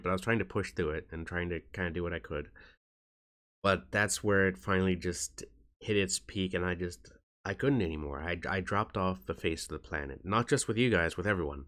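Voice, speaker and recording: A man's voice: sits low, fairly bright tone. A man chatting on his vlog in a joking, rambling and self-mocking way. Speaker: YouTuber. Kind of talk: casual vlog chat.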